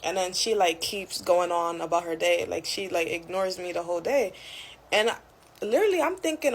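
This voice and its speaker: A woman's voice: fairly low pitch, lively intonation, moderate pace, slightly rough, poor audio. A young woman telling a casual storytime, chatty and full of fillers like "like" and "you know".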